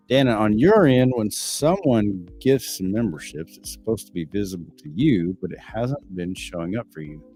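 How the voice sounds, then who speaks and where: A middle-aged man with a Texan accent, hosting a casual live stream and answering viewers' chat in a candid, blunt and profane way. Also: lowish voice. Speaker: livestream host reading chat.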